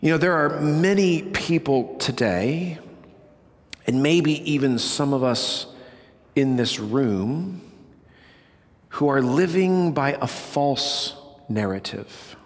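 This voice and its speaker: Animated man preaching in a reverberant hall. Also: slow, long pauses. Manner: animated, swings from loud bursts to hushed low tones. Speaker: pastor. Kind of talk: sermon. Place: church sanctuary.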